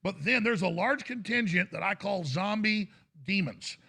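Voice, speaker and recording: A man hosting a talk show, ranting fervently and bursting into shouted impressions. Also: high voice, expressive, normal speed, gravelly, husky. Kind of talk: impassioned talk show rant.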